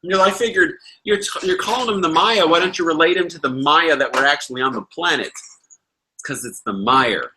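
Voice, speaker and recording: Bright-voiced man telling a rambling story. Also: fairly high pitch, lively intonation, moderate pace, a little hiss or hum, low-quality recording. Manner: rambling, laughs and swears often. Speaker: livestream host. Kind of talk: casual storytelling chat.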